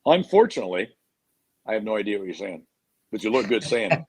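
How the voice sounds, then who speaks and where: A man's voice: on the low side, big pitch swings, fast, crowd noise. A man hosting a live online talk show from a hotel room, upbeat and joking. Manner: upbeat, joking, talks over tech trouble. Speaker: host. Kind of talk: live video show chat.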